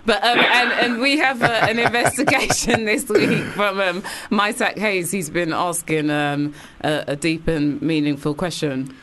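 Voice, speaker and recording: A woman's voice: fairly low pitch, steady tone, normal speed, few pauses, a crowd in the background. A woman hosting a radio show, chatting and laughing often with her co-host and a caller. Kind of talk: radio chat.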